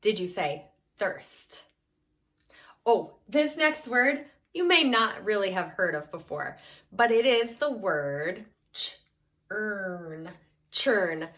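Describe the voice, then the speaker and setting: A woman leads a children's reading lesson at an unhurried pace. She stretches out sounds and syllables with care and keeps an encouraging tone throughout. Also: medium pitch, fairly bright tone. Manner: slow, clear, encouraging teacher talk with sounded-out words. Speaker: teacher.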